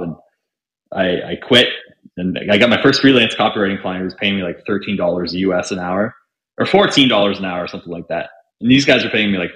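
This podcast guest is a young man from Canada whose low voice has a slight brightness. He spins casual stories full of filler words and performs the lines he quotes in a chatty way, with a roomy echo around him.

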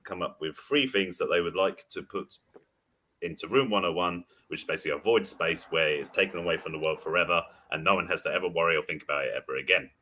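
A man's voice: deep voice, fast, bright, forceful tone. A laid-back man co-hosting a casual podcast, rambling through the intro with plenty of fillers. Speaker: podcast co-host.

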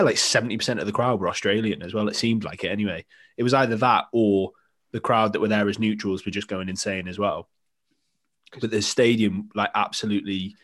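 A man co-hosting a podcast, rambling excitedly about football and repeating words as he goes. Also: lowish voice. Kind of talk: casual chat about football. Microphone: remote video call.

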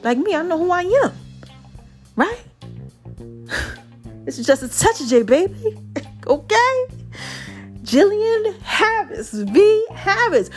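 Speaking slowly and pausing often, a very high-pitched podcast host from New York gives a casual, animated motivational talk. She drawls and sings little bits over soft background music.

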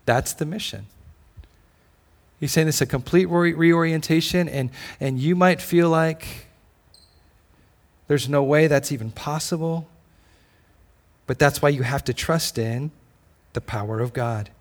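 A man's voice: on the high side, measured pace, long pauses. A man preaching a sermon as a pastor, casual and conversational, telling stories and acting out bits of dialogue. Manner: casual, storytelling, acts out dialogue. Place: church. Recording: reverberant hall.

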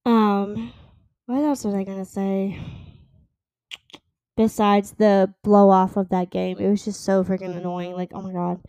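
A young woman in her twenties talks on her solo podcast in a loose, rambling way, filling gaps with "um" and "like". Her voice is smooth and clean, and the close mic gives a dry sound with no room around it. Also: mid-range voice, level tone, a little slow, pauses often, dark tone, dry recording. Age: 20s. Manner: rambling, chatty, lots of fillers and likes. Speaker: podcast host. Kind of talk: casual solo podcast chat.

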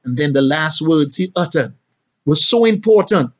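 A man's voice: expressive, normal speed. Preaching man with soaring swells. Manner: preaching with dramatic swells in pitch and volume. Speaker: pastor. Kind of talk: sermon. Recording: dull lo-fi recording.

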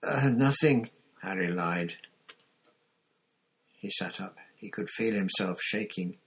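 Husky low-voiced male audiobook narrator. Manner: measured, expressive storytelling. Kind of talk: scripted narration.

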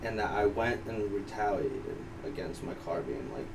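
A man from Ukraine, a native Ukrainian speaker, telling a story as a podcast guest in an animated, profane way, laughing often. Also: on the low side, moderate pace, gravelly. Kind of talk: casual storytelling. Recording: distant mic, faint background noise.

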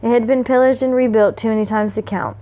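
A woman's voice: a little high, steady tone, quick pace, warm tone. Woman reading a story aloud, dull recording. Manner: plain reading with small slips and asides. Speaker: reader. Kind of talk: reading fan fiction aloud.

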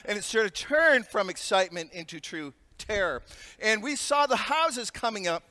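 A man preaches a sermon in a high, bright voice and tells lively stories with self-mocking humor. His voice carries a long reverb, as if recorded in a large church hall. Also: moderate pace. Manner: storytelling with humor and laughs. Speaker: pastor.

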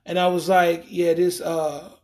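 A man telling a rambling dating story in a casual monologue, slangy and animated, acting out what people said. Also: high voice, unhurried. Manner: rambling, animated, acts out quoted lines; frequent fillers and restarts, slangy.

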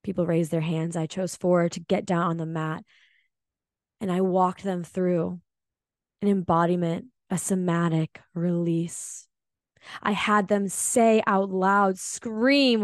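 A woman's voice: lowish voice, steady tone, slow pace, pauses often, no room sound, clean studio sound. A woman hosting a podcast, recounting her experience in a heartfelt, emphatic way and sometimes swearing for emphasis. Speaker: podcast host. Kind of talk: reflective podcast monologue.

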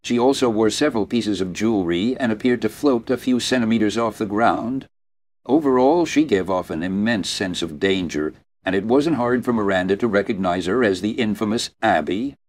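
A male audiobook narrator with a fairly low voice, reading fantasy fiction. He tells the story in a steady, even manner. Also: moderate pace. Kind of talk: scripted narration.

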